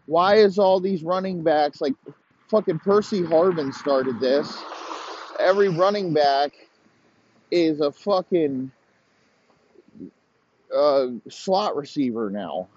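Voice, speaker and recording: A man's voice: a little high, lively intonation, slow pace, pauses often, a little mellow, lo-fi sound, a little hiss or hum. A man hosting a podcast, ranting profanely and rambling in heated complaint. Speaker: podcast host. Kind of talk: profane casual rant.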